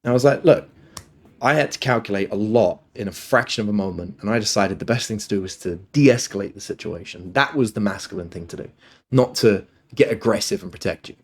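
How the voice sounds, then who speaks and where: A man's voice: on the low side, a little fast. A man telling rambling personal stories as a podcast guest, often swearing and quoting himself. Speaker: podcast guest, dating coach. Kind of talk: casual storytelling in conversation.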